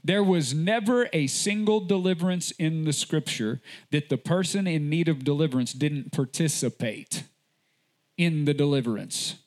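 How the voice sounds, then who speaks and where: A man pastor preaching a sermon, emphatic, with repeated rhetorical questions and a deliberate delivery. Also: darkish tone. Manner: slow, deliberate delivery with sudden rises in pitch.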